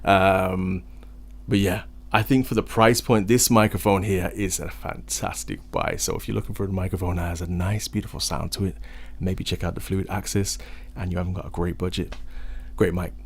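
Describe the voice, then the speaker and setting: A man's voice: deep voice, normal speed, vocal fry. A young man casually reviewing microphones at home, talking close into a condenser mic with enthusiastic, rambling chatter. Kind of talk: casual gear review talk. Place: home recording setup. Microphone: large condenser studio mic, close.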